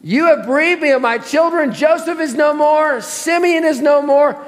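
Man putting on a self-pitying old father, raised strained pitch, exasperated, long hall reverb. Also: moderate pace. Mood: anguished. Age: older. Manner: exasperated, protesting. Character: grieving aged patriarch, self-pitying and anguished.

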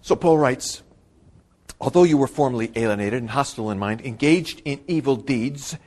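A man preaching a sermon. He swings from loud, emphatic bursts to quiet asides and repeats his key phrases for weight. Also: medium pitch, expressive, moderate pace. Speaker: pastor.

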